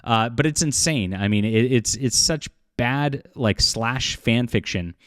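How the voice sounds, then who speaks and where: A man giving casual opinion commentary, halting and full of fillers and restarts, with derisive chuckles. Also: medium pitch, no echo, studio quality.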